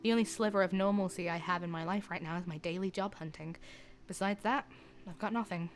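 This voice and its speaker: A woman's voice: fairly low pitch, brisk, faint music behind. A young woman streaming a visual novel, reading the narration aloud and breaking off for chatty, laughing asides.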